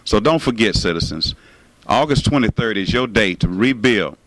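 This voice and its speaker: A man's voice: on the low side, lively intonation, moderate pace, fairly bright tone, no echo, poor audio. A man giving an emphatic, repetitive campaign speech as a city mayor. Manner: emphatic, repetitive rally rhetoric.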